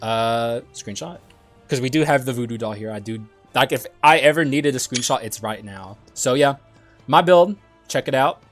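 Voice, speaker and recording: Young man, gameplay commentary, excitable, swears, dry throat, faint game music behind. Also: mid-range voice, normal speed. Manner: excitable, swears often, clears his throat. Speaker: gaming YouTuber.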